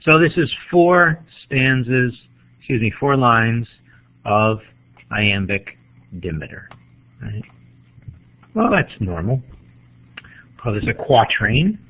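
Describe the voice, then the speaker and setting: A man gives a measured literature lecture, explaining step by step and pausing to collect his thoughts. His voice sits at an ordinary middle pitch. The recording is thin and tinny, like a phone line. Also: very animated. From New England. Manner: measured, explanatory, pauses to think. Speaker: literature teacher.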